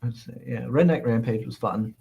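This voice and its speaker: A man's voice: medium pitch, moderate pace, creaky, mellow, slightly rough, muffled recording. A man hosting a casual live stream, reading chat aloud and rambling in reply with frequent chuckles. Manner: rambling, chuckling, lots of "uh, let's see" fillers.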